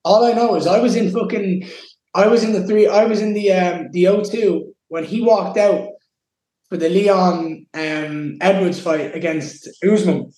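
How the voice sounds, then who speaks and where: Intense high-voiced Irish young man. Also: fairly even intonation, unhurried, darkish tone, roomy sound, poor audio. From Ireland. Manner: intense, emotional, swears freely. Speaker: guest fighter. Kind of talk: casual interview.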